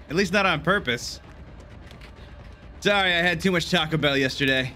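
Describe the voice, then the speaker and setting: A young man giving casual, jokey gameplay commentary, excitable and swearing often. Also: on the high side, normal speed, pauses often, slight background noise. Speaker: gaming YouTuber.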